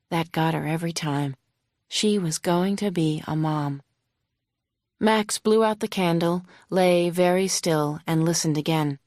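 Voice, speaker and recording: A woman reading a novel aloud in the first person, emotive, slowing and hushing for tense moments. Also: on the low side, dry recording, clean studio sound. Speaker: audiobook narrator.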